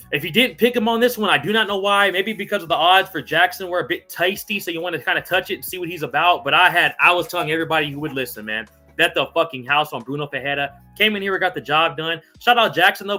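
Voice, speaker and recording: A fired-up man running a live fight-recap stream, talking in a bright, forceful voice that sits a little high. He swears freely and keeps calling out viewers by name. Faint music plays behind him. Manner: hyped, profane, shouting out chat viewers. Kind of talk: casual live-stream sports talk, reading chat.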